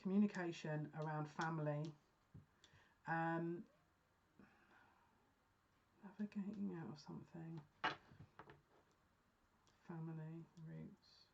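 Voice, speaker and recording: A woman giving a pick-a-card psychic reading, talking earnestly and emotionally with halting restarts. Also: low voice, fairly even intonation, vocal fry, a little mellow, slight background noise. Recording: dull lo-fi sound.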